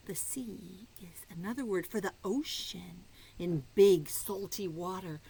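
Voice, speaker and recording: A woman's voice: on the low side, a little slow, gravelly, a little mellow, slightly rough, no room sound, low-quality recording. A woman teacher reading a picture book aloud to small children, playful and coaxing, dropping to a whisper for the riddle clues. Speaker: preschool teacher.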